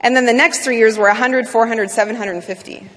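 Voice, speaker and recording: A woman from Canada giving a talk to an audience, animated and full of fillers. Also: on the high side, fast talker. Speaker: business speaker. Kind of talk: speech to an audience. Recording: long hall reverb.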